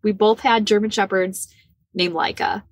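A woman in her forties from the Midwest of the United States, telling a personal story as a podcast guest, animated and laughing often. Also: mid-range voice, moderate pace, dry recording. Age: 40s. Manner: animated, laughs often, acts out quoted dialogue.

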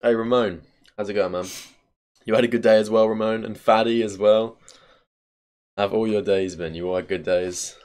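A man's voice: on the low side, fairly even intonation, moderate pace, pauses often. A man streaming a video game, chatting casually with swearing and teasing banter. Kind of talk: casual gaming stream chat. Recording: loud keyboard clicking behind.

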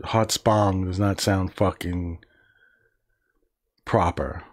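Slow, low-voiced profane livestream host. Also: male voice, steady tone. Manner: profane, sarcastic, muttering asides. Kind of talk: casual livestream reading and commentary.

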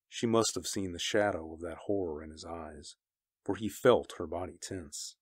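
A man narrating a story, reading in a grave and measured way. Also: low voice, breathy edge, dry recording, studio quality. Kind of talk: scripted narration of pulp fiction.

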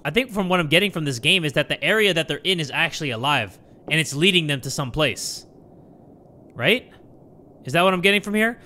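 A young man giving let's play commentary on a horror game, joking around and yelling in excitable panic. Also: a little high, fairly quick, a little hiss or hum. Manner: excitable, jokey, yells in panic. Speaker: gaming YouTuber.

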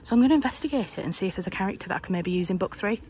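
A woman with a Yorkshire accent, chatting enthusiastically to her handheld camera on a day trip and dropping to a hush indoors. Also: mid-range voice, animated, rapid-fire, a little hiss or hum. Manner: chatty and enthusiastic, hushed in the museum. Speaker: vlogger. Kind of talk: casual chat to camera. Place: historic house and grounds on a day trip.

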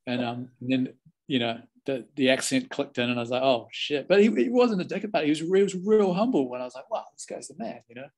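Laid-back kiwi guy in his 40s telling stories, husky voice, rambles and restarts a lot. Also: mid-range voice, lively intonation, fast, a little mellow. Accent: New Zealand. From New Zealand. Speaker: interview guest, former film extra. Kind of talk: casual storytelling.

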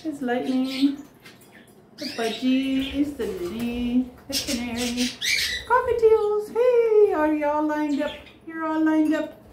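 A woman vlogging at home with her pets, chattering in sing-song baby talk and cheering them on with excited calls. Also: high-pitched, takes it slowly, noisy background. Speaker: pet vlogger. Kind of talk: casual home vlog. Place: home with pets, partly outdoors in snow.

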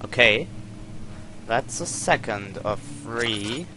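A let's play host, a man, talks slowly and nervously through a horror game, jumping at sounds and poking fun at his own fright. A faint hiss sits under his desk-mic voice. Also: mid-range voice, expressive. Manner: nervous, easily startled, self-mocking. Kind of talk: jittery gameplay commentary.

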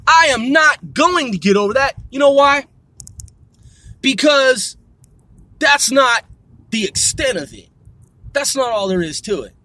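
A man's voice: very high voice, expressive, unhurried, pauses often, sharp tone. A man delivering a heated, profanity-laden monologue, repeating himself as he builds up steam. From United States. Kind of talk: ranting monologue.

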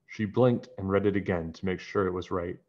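A man narrating a children's book aloud in a plain, even storytelling manner. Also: low voice, a little fast, highs cut off.

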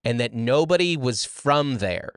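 A man's voice: medium pitch, animated, unhurried, smooth, dry recording, studio quality. A man in his thirties hosting a podcast, telling stories in a rambling way with many restarts and asides. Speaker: podcast host. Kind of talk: casual chat.

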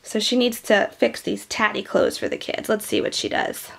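A woman reading a picture book aloud to children in a gentle, chatty, teacherly way. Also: medium pitch, moderate pace, creaky, breathy edge. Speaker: children's storyteller.

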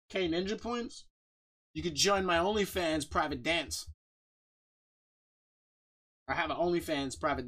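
A man streaming a game live, chatting casually, reading out viewer shout-outs, joking and laughing often. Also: a little high. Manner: bursts of loud excited talk.

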